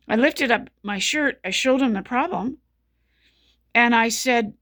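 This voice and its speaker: A woman's voice: fairly high pitch, unhurried, pauses often, a bit bright. A woman telling her own story as a patient, in an earnest, frustrated way and with lots of repetition. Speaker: patient sharing her experience. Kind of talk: casual spoken commentary.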